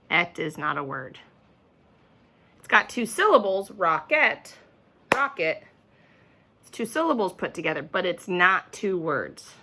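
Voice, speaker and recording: Bright-voiced woman teaching children slowly. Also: lowish voice. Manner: patient, sounds out words slowly. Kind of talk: remote phonics lesson for young children. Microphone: camera mic.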